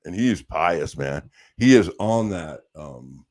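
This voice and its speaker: A man's voice: sits low, expressive, takes it slowly, darkish tone. A man chatting casually as a podcast host, laid-back and profane, dropping "dude" and "bro" often. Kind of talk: casual chat.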